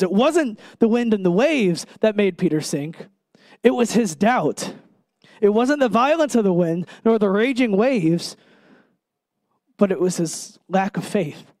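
A man with a high, light voice preaches a sermon in a dry, close-sounding room. He speaks earnestly and with emphasis, slowing down to stress key words and asking his listeners direct questions. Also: darkish tone, no echo.

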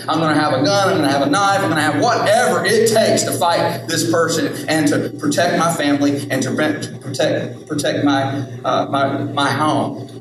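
A male pastor preaching a sermon, emphatic and repetitive, often asking the crowd "right?". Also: a little high. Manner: repetitive, emphatic, rhetorical questions. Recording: echoey hall, distant mic, music.

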